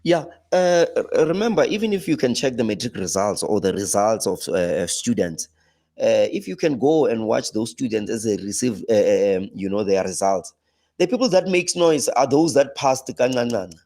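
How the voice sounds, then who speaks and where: South African man, casual pundit guest, leaps up in pitch when excited. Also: normal speed. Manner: animated, pitch jumps high when laughing or exclaiming, frequent restarts. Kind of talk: casual chat.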